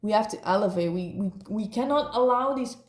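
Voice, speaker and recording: A woman's voice: mid-range voice, fairly quick, reverberant. A woman giving a casual spiritual reading, rambling and laughing, dropping slang like "bruh" and "eh". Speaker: tarot reader.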